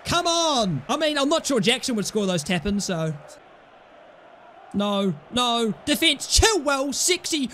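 A young man commentating his own football video game, excitable, shouting at players and swearing. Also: extremely high pitch, measured pace. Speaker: gaming YouTuber. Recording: faint background noise.

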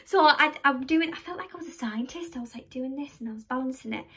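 A woman's voice: high voice, fast talker, fairly bright tone, breathy edge. A young woman vlogging to camera in a chatty, rambling way, poking fun at herself as she tells stories. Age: young adult. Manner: chatty, rambling, self-mocking storyteller. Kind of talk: casual chat to camera.

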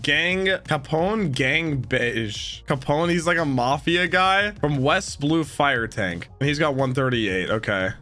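A man hosting an anime reaction video, talking in an excitable, exclamatory, slangy way. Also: fairly high pitch, slow, few pauses, soft background music.

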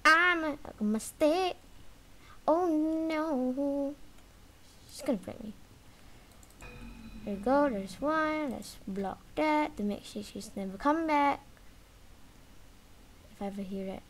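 Excitable woman narrating her gameplay. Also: high-pitched, slow, pauses often, slight background noise. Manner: animated, talks trash to the game's chaser, sudden yelps and shrieks. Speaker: gaming video creator. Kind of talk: live gameplay commentary.

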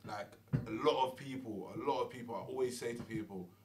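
A man's voice: medium pitch, fairly quick, recorded from a distance, a little hiss or hum. A young man, a father co-hosting a casual group chat, laid-back and slangy. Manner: laid-back, slangy, animated when telling anecdotes. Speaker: podcast co-host, father.

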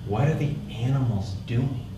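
A man tells a personal story as a one-man stage show, chatty and direct, often asking "right?" of his listeners. His mid-pitched voice is picked up from a distance in a very echoey hall, with clear background noise underneath. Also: normal speed. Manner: conversational, keeps checking in with "right?". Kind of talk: theatrical storytelling monologue. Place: live stage in a theater. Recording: echoey room, mic far off, noisy.

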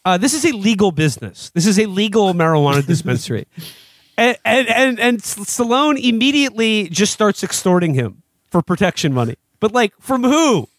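A man's voice: high-pitched, very animated, normal speed, dry recording. A man co-hosting a comedy podcast, rambling through a TV review with frequent laughs and restarts. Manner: rambling, laughing, doing mock voices of characters. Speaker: podcast co-host. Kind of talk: casual comedic review chat.

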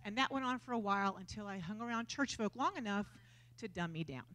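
A woman preacher, telling stories in a lively sermon with self-mocking humor at a church service. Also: medium pitch, fast talker.

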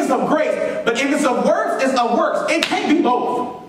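A man pastors a sermon in a church sanctuary, urging the congregation to answer back and repeating his lines for emphasis. He speaks at a moderate pace in a very high-pitched, lively voice. The mic is distant, with heavy reverb and a noisy background.

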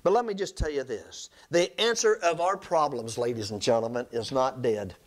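A man preaching a sermon, retelling scripture stories and asking the congregation for amens. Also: moderate pace. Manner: storytelling preacher, calls for amens, pitch swings up and down.

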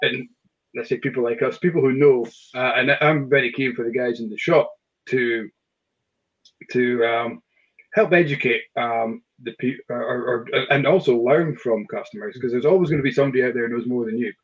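A man's voice: mid-range voice, moderate pace, husky, lo-fi sound. Man hosting a whisky chat, full of fillers. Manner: hesitant, many fillers and restarts. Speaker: whisky shop host. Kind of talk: casual online chat.

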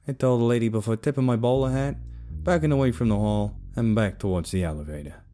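A man narrating a first-person story in a rough, casual tough-guy way, with plenty of swearing, over faint music. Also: mid-range voice, brisk, mellow.

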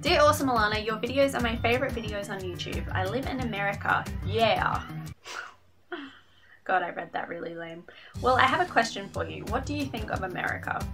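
A young woman casually reading fan letters aloud on her vlog, with lively asides. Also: medium pitch, creaky. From Australia. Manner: bubbly, reads letters aloud with quick asides. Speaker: YouTuber reading fan mail. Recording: music playing under the voice.

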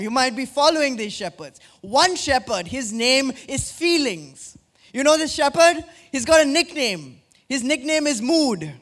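High-voiced pastor preaching with questions. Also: male voice, a bit bright. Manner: interactive preaching with questions to the congregation; drops low and slow for emphasis. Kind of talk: sermon.

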